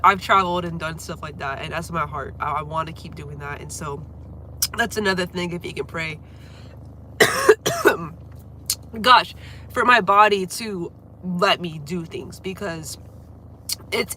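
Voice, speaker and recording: A woman's voice: fairly low pitch, normal speed, pushed and bright, slight background noise. A young woman livestreaming from home, chatting casually and apologizing as she coughs through a cold. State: has a cold, congested and coughing. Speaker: livestreamer and singer.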